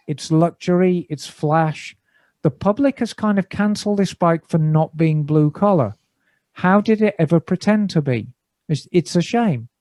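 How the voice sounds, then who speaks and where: A man with a notably high voice co-hosts a casual podcast, reading a listener's email aloud and breaking off with dry, jokey asides. His voice is close and dry, with no room sound around it. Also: mellow, dry recording. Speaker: podcast co-host. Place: garage studio.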